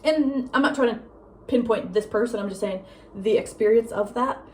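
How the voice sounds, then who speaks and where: A young woman talks in a breezy, rambling way, dropping "like" and "um" constantly and laughing as she goes. Her voice sits a little high. A faint hum of home ambience sits behind her. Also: normal speed. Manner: rambling, lots of "like" and "um", laughs often; breezy, drifts between loud and soft. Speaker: vlogger. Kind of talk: casual chatty vlog monologue.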